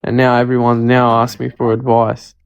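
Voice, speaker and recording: Guy chatting easy, lots of like, middle pitch, clean sound. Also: normal speed, vocal fry, smooth. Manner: relaxed, strings thoughts with "like". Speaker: guest. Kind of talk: casual chat.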